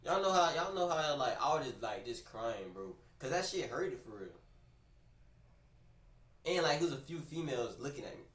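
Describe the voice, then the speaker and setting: A man on a livestream telling a story in a casual, animated, slangy way, often repeating his phrases, recorded in a roomy space away from the mic. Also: on the high side, normal speed, distant mic. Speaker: streamer.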